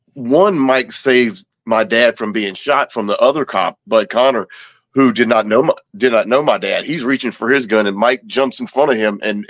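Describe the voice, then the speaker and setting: A man's voice: mid-range voice, a bit bright, dry recording. A man with a Louisiana accent, speaking as a guest in a casual interview in a plainspoken, self-deprecating way.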